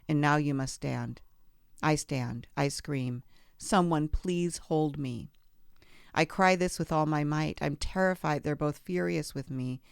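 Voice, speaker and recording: Woman, podcast host, memoir reading, measured, expressive, resonant voice, dry close mic. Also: low-pitched, vocal fry, smooth, no echo.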